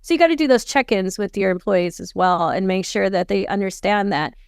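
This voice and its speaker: A woman guest in a casual business interview, earnest and emphatic, often checking in with a quick question. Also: mid-range voice, creaky, clear, resonant tone, no echo, studio quality. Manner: earnest, stresses points and checks in with a "right?". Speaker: guest, gym manager.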